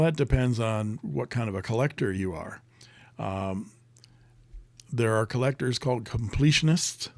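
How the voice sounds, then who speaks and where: A man's voice: on the low side, a little mellow, no room sound. A man hosting a casual live stream, chatting and reading viewer comments aloud in a rambling way with many fillers.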